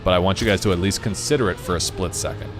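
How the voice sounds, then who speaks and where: Male streamer, deep voice, rambling casual chat over loud game music. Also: quick pace. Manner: chatty, rambling, talks to chat. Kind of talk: casual live-stream chat while gaming. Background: game music and car sounds.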